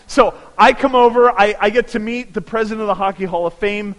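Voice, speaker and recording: A man's voice: high voice, brisk. A man from California preaching a sermon, telling a story with animation and building to emphatic peaks. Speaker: pastor. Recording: long hall reverb.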